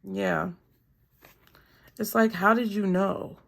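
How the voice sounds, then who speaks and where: A woman's voice: medium pitch, fairly even intonation, slow pace, creaky. A woman giving a casual collective tarot reading, thinking aloud in a chatty way with lots of fillers. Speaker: tarot reader.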